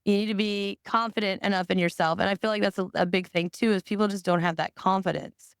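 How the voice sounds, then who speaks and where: A woman's voice: medium pitch, fairly even intonation, quick pace, clear, resonant tone, dry recording, studio quality. Blunt, candid woman podcast host. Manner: blunt, candid, swears freely. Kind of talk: casual chat.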